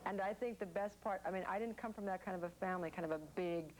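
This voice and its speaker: A woman's voice: mid-range voice, fast, a little hiss or hum, poor audio. An actress in her forties answering interview questions in a rambling, chatty way with many fillers.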